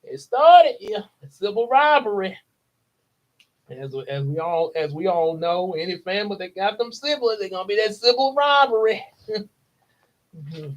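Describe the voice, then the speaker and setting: A man's voice: high-pitched, animated, normal speed, pauses often. A man reading the Bible aloud and adding chatty, playful commentary between the verses. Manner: chatty, playful asides, chuckles. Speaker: Bible reader for a church channel. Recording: dull lo-fi recording.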